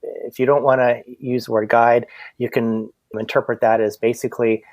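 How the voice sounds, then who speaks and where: A man's voice: mid-range voice, level tone, normal speed, no room sound. A man working as a medium, a podcast guest telling stories in a chatty way over a video call from home, often repeating his words. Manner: chatty storyteller, frequent repetitions. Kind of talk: casual conversation.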